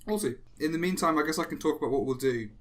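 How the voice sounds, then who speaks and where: A man's voice: on the high side, rapid-fire. A man hosting a casual chat while drawing, rambling and self-mocking with frequent chuckles. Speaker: host.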